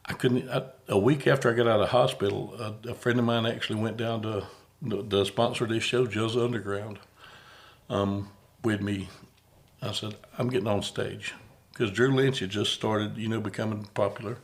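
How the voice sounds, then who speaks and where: A man's voice: on the low side, fairly even intonation, normal speed. A man hosting a podcast in casual conversation, folksy and rambling, often repeating words as he starts a thought. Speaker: podcast host.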